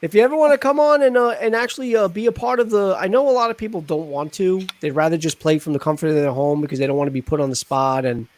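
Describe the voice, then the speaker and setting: A man's voice: a little high, quick pace, few pauses, a little mellow, no echo. A man hosting a casual live stream chat, joking and rambling with plenty of fillers. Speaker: host.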